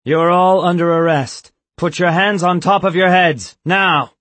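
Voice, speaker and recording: A man voicing a male mutineer officer barking orders in an audiobook, with a husky voice. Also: a little high, fairly even intonation, takes it slowly, fairly bright tone, voice pushed up.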